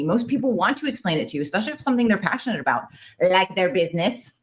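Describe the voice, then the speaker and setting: A woman's voice: medium pitch, lively intonation, fast talker. A woman hosting a podcast, talking in a rambling, chatty way, full of "like" and "right?". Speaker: podcast host. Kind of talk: casual chat.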